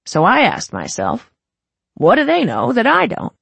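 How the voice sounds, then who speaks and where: A narrator voicing a smooth, mocking young gang boss in his twenties, with a lilting, showy delivery. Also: medium pitch, wildly swooping pitch, unhurried, fairly bright tone, no room sound, pitched above the performer's own voice, exaggerated voice. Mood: taunting. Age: 20s. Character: smooth, taunting young male Italian-born gang boss.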